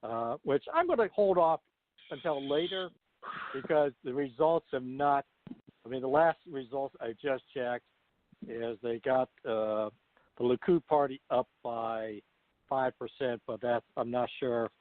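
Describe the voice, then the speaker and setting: A man co-hosting a political talk radio show, telling stories in a chatty, animated way. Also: medium pitch, a little slow, dry recording. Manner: chatty storyteller, animated retellings. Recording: dry tinny phone line.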